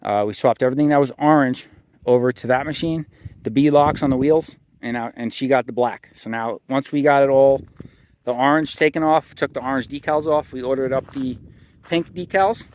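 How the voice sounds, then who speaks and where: With no echo, a man talks at a normal speed in a medium-pitched, slightly mellow voice. He's the host of his own channel, an adult married man with a son, rambling casually through a walkaround vlog with fillers and restarts.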